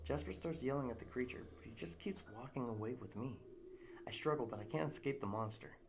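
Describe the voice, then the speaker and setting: A man's voice: mid-range voice, a little fast, creaky, background noise. A man reading a story aloud in a live narration, casual and unpolished, with restarts.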